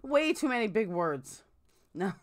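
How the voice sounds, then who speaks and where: A woman's voice: mid-range voice, sing-song, measured pace. A woman hosting a casual live stream, chatting and answering viewers' comments. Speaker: true crime live streamer.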